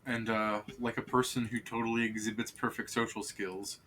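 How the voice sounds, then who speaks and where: A man's voice: fairly low pitch, level tone, normal speed, a bit bright, a little hiss or hum. A man running a tabletop game as game master, narrating loosely with fillers.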